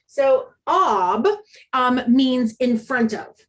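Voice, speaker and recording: Her voice is high-pitched and she speaks extremely slowly. This American woman presents an interactive online teachers' workshop over a video call in an upbeat, chatty manner, often saying um.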